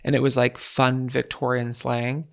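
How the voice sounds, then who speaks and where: A man's voice: mid-range voice, little pitch movement, unhurried, vocal fry. A young adult man co-hosting a podcast, chatting playfully and casually with lots of fillers. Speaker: podcast co-host. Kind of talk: casual comedic chat.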